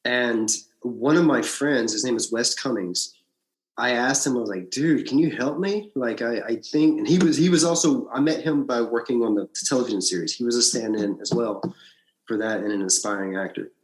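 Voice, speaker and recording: A man from Alabama, a podcast guest, recounting his past in animated casual storytelling, often restarting his sentences. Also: fairly quick. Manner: animated storyteller, frequent restarts and big pitch swings. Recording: echoey room.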